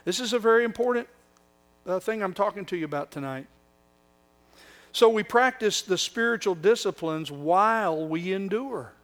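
An older male pastor preaching a sermon, repeating phrases for emphasis, dropping to hushed reverent lines and rising into mocking whiny quotes. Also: sits high, lively intonation, normal speed.

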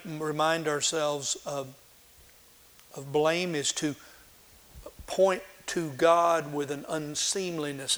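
A male pastor delivers a sermon at an unhurried pace. His voice sits a little high for a man. He moves between dramatic scripture reading and plain, conversational teaching. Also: fairly bright tone. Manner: reads scripture slowly and dramatically, then speaks plainly with restarts.

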